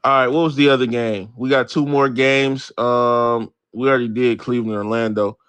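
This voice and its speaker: A man's voice: mid-range voice, moderate pace, smooth, no room sound. Brash man riffing to his live chat. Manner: brash, animated, reads and answers chat, swears freely. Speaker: livestream host. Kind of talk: casual profane sports talk to live chat.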